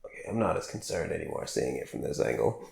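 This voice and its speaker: Animated young man telling stories. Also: extremely low pitch, fast talker, creaky. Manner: animated storyteller acting out dialogue, swears freely. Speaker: podcast co-host. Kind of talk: casual chat. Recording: echoey room.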